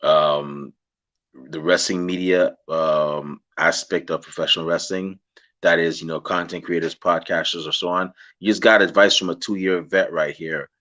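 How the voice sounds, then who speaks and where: Brief: deep-voiced Guyanese man, animated interview host on a video call. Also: normal speed. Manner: animated, impersonates fans excitedly. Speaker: podcast host. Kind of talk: casual interview chat.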